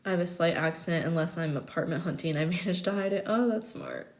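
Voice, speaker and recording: A woman's voice: fairly low pitch, fairly quick. A young American woman hosting a casual live chat, talking in a giggly, filler-heavy way. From United States. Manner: chatty, giggly, lots of fillers. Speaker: astrology livestream host.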